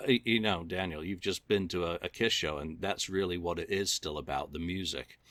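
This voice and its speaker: A man's voice: low voice, a little fast, fairly bright tone, no echo. A man hosting a casual podcast chat, rambling and self-deprecating with lots of fillers. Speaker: podcast host.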